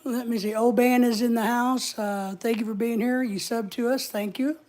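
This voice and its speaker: A woman's voice: a little high, fairly even intonation, normal speed, a little mellow. A woman hosting a casual livestream, chatting in a rambling way and reading viewer comments aloud. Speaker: livestream host.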